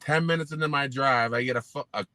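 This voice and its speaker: A blunt man in his fifties tells a story full of swearing and acts out the other people in it. His voice is bright and forward. The sound is dry and close, with no room in it. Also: mid-range voice, quick pace, no echo. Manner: blunt, heavily profane, animated retelling with quoted voices. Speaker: podcast co-host, former pro football player. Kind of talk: casual profane storytelling.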